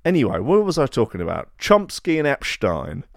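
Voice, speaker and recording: A man's voice: medium pitch, wildly swooping pitch, moderate pace, gravelly, dry recording, studio quality. A man hosting a podcast, ranting sarcastically and swearing freely. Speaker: podcast host. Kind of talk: ranting comedy podcast monologue.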